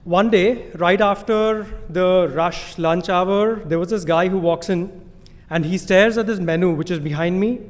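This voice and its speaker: A man with an Indian accent and a notably high voice tells a live story from a stage, amused and self-deprecating. His voice rings out through a large hall with a long reverb tail. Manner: amused, self-deprecating, chuckling between lines.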